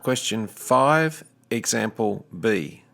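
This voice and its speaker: Male teacher, low-ish voice, unhurried deliberate delivery for a recorded lesson. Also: expressive, creaky, fairly bright tone. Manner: slow, deliberate, carefully enunciated.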